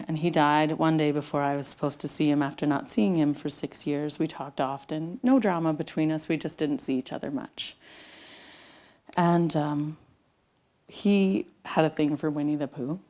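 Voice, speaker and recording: Speaking live to a theater audience, a middle-aged woman recounts something from her own life in a slightly low, darkish voice. She's animated yet intimate, occasionally dropping almost to a whisper, and keeps a normal pace.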